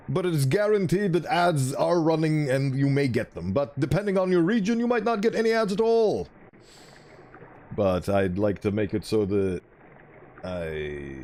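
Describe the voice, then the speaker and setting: A man's voice: medium pitch, a little mellow. A man streaming a game, chatting casually and playfully and laughing often. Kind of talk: casual game commentary with voiced dialogue.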